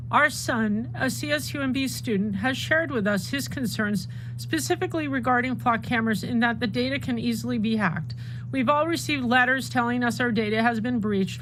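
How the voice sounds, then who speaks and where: A middle-aged woman with a somewhat high voice reads prepared remarks during public comment, earnest and close to emotion. The call line carries a steady hiss of noise behind her.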